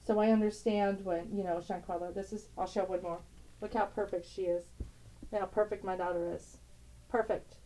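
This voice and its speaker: Mellow-voiced middle-aged woman, rambling and tender. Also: mid-range voice, fairly even intonation, moderate pace, slight background noise, poor audio. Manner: rambling, tender, laughs often, broken-off sentences. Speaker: tarot channel host. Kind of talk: casual emotional vlog, showing family photos.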